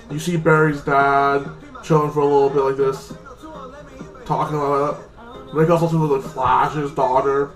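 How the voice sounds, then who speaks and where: Guy rambling through an episode recap, kinda high voice, says like a lot, faint music behind. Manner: rambling, filler-heavy, acts out quotes in quick voices. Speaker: TV episode reviewer.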